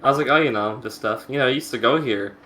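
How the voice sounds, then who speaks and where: A young adult streamer chatting casually with friends, telling a long story full of "like" and acted-out quotes. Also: male voice, mid-range voice, quick pace, pushed and bright. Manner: rambling, full of "like", acts out quotes.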